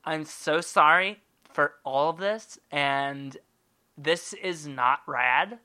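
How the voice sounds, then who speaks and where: A man doing a breathy, half-whispered impression of a breezy rich young socialite woman. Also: a little high, slow, pushed and bright, exaggerated voice. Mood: airy.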